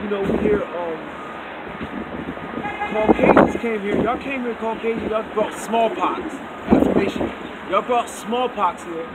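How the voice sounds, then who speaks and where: A man rambling in a loose, repetitive street monologue while high, outdoors on a city street, recorded on a handheld phone. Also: unhurried. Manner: loose, repetitive, swings loud and soft. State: high on marijuana. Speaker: street vlogger. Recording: loud street and wind noise.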